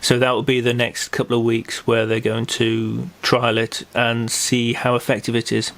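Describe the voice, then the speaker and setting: A man's voice: mid-range voice, monotone, moderate pace, a bit bright, slight background noise. A man hosting a local podcast in casual chat, rambling with many fillers and restarts. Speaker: podcast host.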